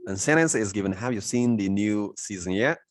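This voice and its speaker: A man's voice: fairly low pitch, expressive, brisk. A man who teaches a lesson. He asks "means what?" and then answers himself, and he fills gaps with "you know". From India. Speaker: English teacher. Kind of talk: recorded lesson explaining vocabulary.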